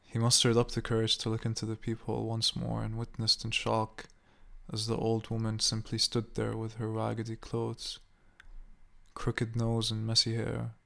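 Gravelly low male horror narrator. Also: a bit bright.

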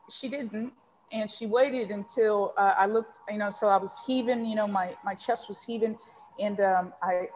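A Texas woman from San Antonio, working as a leadership coach, is interviewed on a podcast and tells a story from her own life. She speaks at a medium pitch, with a faint hiss or hum audible, and her telling is earnest and heartfelt, filled with frequent ums.

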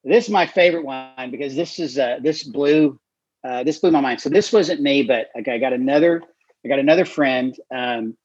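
A man, a guest author and missionary, telling stories in an interview with an animated manner and frequent fillers. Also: medium pitch, moderate pace. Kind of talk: storytelling in an interview. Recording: dry, slightly dull recording.

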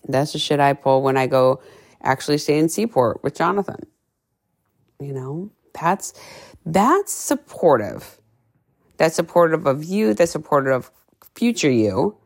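A woman nutrition coach talking casually and bluntly, cursing freely and acting out little scenes. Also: a bass voice. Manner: brash, profane, animated storytelling with playful voices. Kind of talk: casual podcast monologue.

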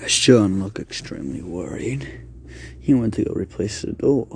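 A man telling an improvised horror story in a halting way, with slips and restarts. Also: lowish voice, lively intonation, creaky, husky.

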